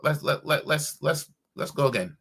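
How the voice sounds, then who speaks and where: A man's voice: a little high, expressive, moderate pace, gravelly, a bit bright, breathy edge. A man reacting casually on a stream as a football fan, with a slangy, stumbling way of talking.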